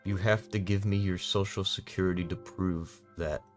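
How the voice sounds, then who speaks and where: A young man streaming, teasing in casual, deadpan banter with mumbled asides. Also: deep voice, moderate pace, soft background music.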